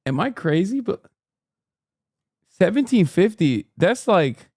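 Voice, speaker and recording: A man in his thirties streams from his desk, reacting to clips with sarcastic, profane running commentary. His voice sits a little high for a man. The sound is dry and close, with no room around it. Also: sing-song, slow, a little mellow, no echo. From United States. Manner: sarcastic, profane, laughs while mocking.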